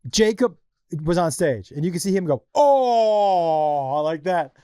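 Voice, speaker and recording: Male comic guest with a lively, slightly high voice and a dry mic sound. Profane, animated storyteller. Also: a little fast, no room sound. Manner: animated and profane, acts out scenes. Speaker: comedian guest. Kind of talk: casual comedic storytelling.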